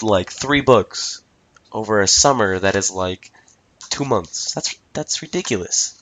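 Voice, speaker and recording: A man's voice: on the low side, measured pace, fairly bright tone, slight background noise. A young man in his late teens ranting casually into a microphone as host of his own podcast, exasperated and swearing freely. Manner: repeats "I tell you what" and "ridiculous". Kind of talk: casual solo podcast rant. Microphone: talking into a microphone.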